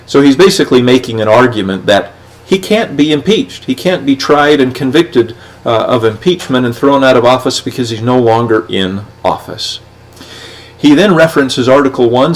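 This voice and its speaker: A man's voice: mid-range voice, rough recording. A man hosting a podcast, reading legal documents aloud and explaining them in plain terms, with many fillers and restarts. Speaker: podcast host.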